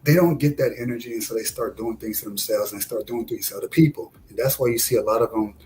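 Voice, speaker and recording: A man from Detroit, USA, a discussion guest, tells a story animatedly in casual chat, acting out quotes with a rising pitch. He talks at a quick pace, and the rough recording has slight background noise.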